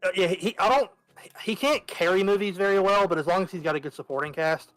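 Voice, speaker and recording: A man's voice: high-pitched, fast, fairly bright tone, soft background music. A man from the Southern United States chatting casually while gaming, wry and opinionated, swearing now and then. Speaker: game player. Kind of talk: casual chat while playing.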